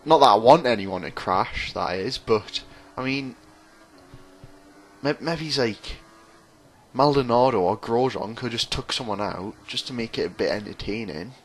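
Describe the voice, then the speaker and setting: Man, racing game commentary, self-mocking, sarcastic, rambling, mid pitch. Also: unhurried. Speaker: gaming commentator.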